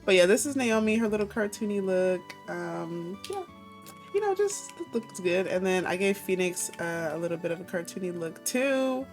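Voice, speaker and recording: A woman's voice: mid-range voice, lively intonation, moderate pace, faint music behind. A woman giving chatty, filler-heavy commentary on her life-sim game. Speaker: let's player. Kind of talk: casual gameplay commentary.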